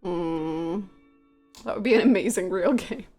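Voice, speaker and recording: A woman's voice: lowish voice, a little slow, mellow, soft background music. A woman streaming a game live, chatting casually with her viewers in a giggly, rambling way.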